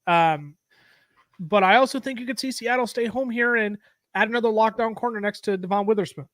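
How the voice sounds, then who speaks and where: A man's voice: high-pitched, brisk, dry recording, clean studio sound. A man co-hosting a podcast, calling out draft picks with energy in a casual chat. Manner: energetic, play-by-play announcing the picks. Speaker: podcast co-host.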